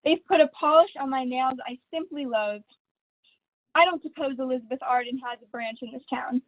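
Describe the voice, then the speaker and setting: A woman's voice: high voice, brisk, no echo. A young woman acting a vain, gushing glamorous stage actress in a school play read over a video call. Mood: catty. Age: teens. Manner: theatrical, affected, honeyed. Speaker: student actor. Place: at home. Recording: dry, tinny video call audio.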